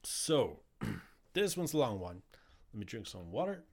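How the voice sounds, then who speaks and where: A man's voice: fairly low pitch, very animated, measured pace. Rambling man recapping wrestling results. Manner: rambling, frequent fillers and restarts, laughs easily. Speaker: wrestling podcast host.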